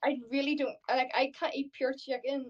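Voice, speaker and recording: A woman's voice: high voice, level tone, brisk, distant mic. A young Irish woman on a video call, hesitant and rambling, filling her talk with likes. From Ireland. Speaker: video-chat stranger. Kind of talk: casual video-chat conversation. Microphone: heard through a video call. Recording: dull lo-fi video-call audio.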